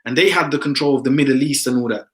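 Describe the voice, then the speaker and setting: A man with a London accent talks in an emphatic, insistent way during a loose religious discussion. His voice sits at a middle pitch for a man, and he keeps punching his points home. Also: fast, low-quality recording. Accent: London English. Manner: emphatic, repeats "man" often. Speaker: discussion participant.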